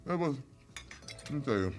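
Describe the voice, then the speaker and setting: A man telling stories from his life in casual conversation over a meal, animated and earnest, sometimes getting emotional. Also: mid-range voice, brisk, over music. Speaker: guest.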